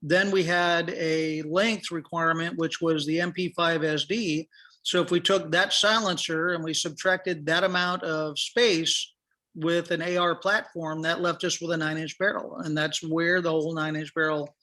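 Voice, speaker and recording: Bright-voiced man telling stories. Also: a little high, little pitch movement, normal speed. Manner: acts out quoted dialogue, many fillers. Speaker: podcast guest, firearms industry professional. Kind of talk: casual storytelling.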